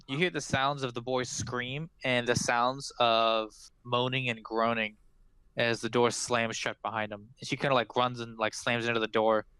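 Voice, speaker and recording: A man's voice: mid-range voice, bright, forceful tone, smooth, no echo, rough recording. A man narrating as game master of a tabletop game, loose and full of fillers.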